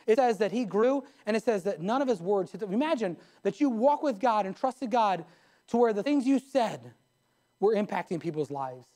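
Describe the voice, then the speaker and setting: A pastor preaches from the pulpit of his church, his voice sitting high for a man. He tells stories in a folksy, down-home way, with plain colloquial grammar. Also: expressive, moderate pace, mellow. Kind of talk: sermon. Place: church sanctuary.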